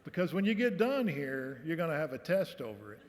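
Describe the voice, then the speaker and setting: A man's voice: on the high side, a little fast. A man, giving a commencement speech in a folksy storytelling way and reading aloud at a podium microphone. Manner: folksy, animated storytelling with voiced quotes. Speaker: commencement speaker. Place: large hall, on stage. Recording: reverberant hall.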